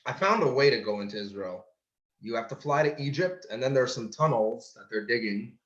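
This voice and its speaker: A joking man speaks in halting bursts full of fillers and restarts. He talks through a computer mic on a video call. The sound is roomy and echoing from a big empty gym, and the audio is dull and muffled. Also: medium pitch, expressive. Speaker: podcast co-host. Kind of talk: casual chat with jokes. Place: large empty school gym.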